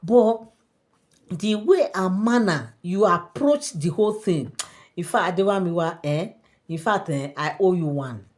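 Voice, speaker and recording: A woman voicing a calm, motherly queen who speaks in a measured, knowing way. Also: lowish voice.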